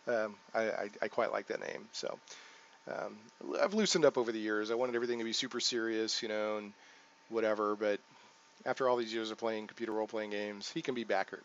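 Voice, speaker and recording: A man's voice: fairly low pitch, lo-fi sound, slight background noise. A man hosting a casual let's play, thinking aloud as he sets up a character, with many ums and self-corrections. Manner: thinks aloud while clicking through menus, frequent ums and self-corrections. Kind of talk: casual gameplay commentary.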